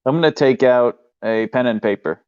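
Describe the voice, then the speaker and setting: A man's voice: medium pitch, moderate pace, darkish tone, smooth. A man playing a tabletop game, blunt and profane, pressing the others with incredulous questions. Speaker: player. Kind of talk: casual tabletop role-play. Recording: dull lo-fi mic.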